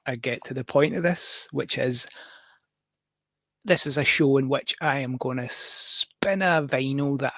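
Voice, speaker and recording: A man's voice: medium pitch, dry recording. A Scottish man hosting a casual livestream, talking in a rambling, jokey, self-deprecating way. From Scotland. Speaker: livestream host and musician.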